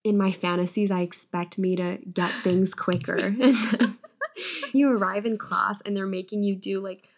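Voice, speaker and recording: Relaxed woman hosting a podcast. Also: medium pitch, normal speed. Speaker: podcast host. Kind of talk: casual podcast chat.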